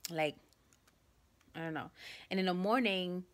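A woman's voice: fairly low pitch, unhurried. Chatty young woman with a sore jaw. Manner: chatty, rambling, addresses viewers as guys. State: sore jaw, trouble opening mouth. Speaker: vlogger. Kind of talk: casual storytelling to camera.

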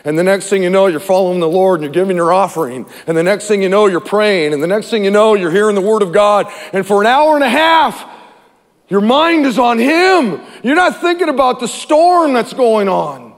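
Animated high-voiced pastor preaching. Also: male voice, a little fast, in a large hall. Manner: animated storytelling with repeated phrases. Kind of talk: sermon.

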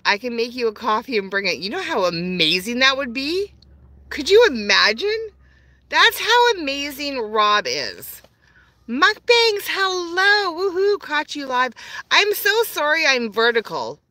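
A woman's voice: fairly high pitch, sing-song, a little slow, bright, forceful tone, no room sound. A woman from Canada, chatting on a live stream from her phone, greeting viewers and answering their comments. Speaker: vlogger.

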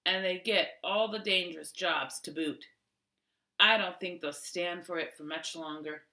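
A woman voicing a coarse frontier man with a hoarse voice in a storybook reading. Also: lowish voice, unhurried, pushed and bright, roomy sound. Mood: gruff.

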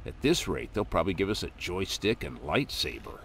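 A man voicing a calm, collected male security guard in a horror video game, making dry remarks. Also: low voice, a little fast, gravelly, husky, heavily acted. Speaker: player character in a horror game.

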